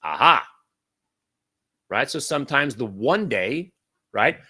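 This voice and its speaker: Hosting a live day-trading room, a brash man calls out trades in real time with a bright, forceful, husky voice. He talks slowly but his pitch swings widely, jumping from loud outbursts to low muttered asides, and he swears casually throughout.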